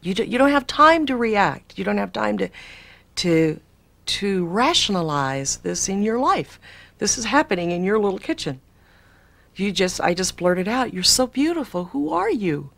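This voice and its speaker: A woman in an archival interview, earnestly recounting an experience in an animated way. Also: medium pitch, moderate pace, gravelly.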